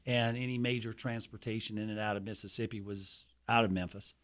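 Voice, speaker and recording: A man's voice: lowish voice, steady tone, a little fast, fairly bright tone. A man in his seventies from Colorado, a guest in a casual interview, telling anecdotes at a leisurely pace with restarts.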